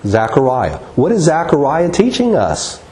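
A man's voice: a little high, wildly swooping pitch, a little slow, warm tone. A man teaching a Bible class, earnest and explaining verses word by word, often asking rhetorical questions and spelling out words.

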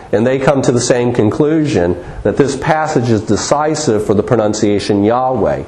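An earnest man teaches from his slides with a dark, mellow voice. He often restarts his words and stretches out the ones he wants to stress. The room around him is echoey. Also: mid-range voice. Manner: earnest, repeats words and restarts, drawn-out emphasis. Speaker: Bible teacher. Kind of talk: slide-based teaching talk.

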